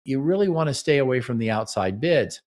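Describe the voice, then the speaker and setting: A man's voice: medium pitch, animated, fairly quick, darkish tone. Earnest middle-aged man giving relationship advice. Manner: earnest, acts out sample dialogue with partners. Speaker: relationship talk show host. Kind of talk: radio-style advice talk.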